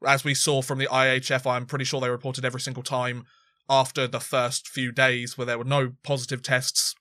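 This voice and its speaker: Bright-voiced man talking sports. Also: mid-range voice, completely flat delivery, brisk, no echo, studio quality. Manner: rambling, many restarts and fillers. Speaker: podcast co-host. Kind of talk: casual sports discussion.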